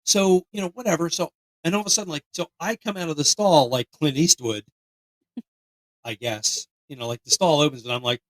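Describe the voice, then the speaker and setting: A man in his late twenties from Pennsylvania, swapping stories on a podcast. He talks in a profane, animated way and slips into mock voices. His voice sits a bit high and sounds dry and close to the mic. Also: brisk, dry recording, poor audio. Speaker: podcast co-host. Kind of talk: casual storytelling chat.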